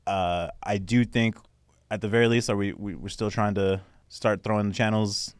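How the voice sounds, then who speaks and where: A man's voice: on the low side, steady tone, normal speed, clear, resonant tone, dry recording, studio quality. A man co-hosting a podcast in casual chat, laughing often and acting out other people's lines. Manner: laughs often while telling stories. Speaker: podcast co-host.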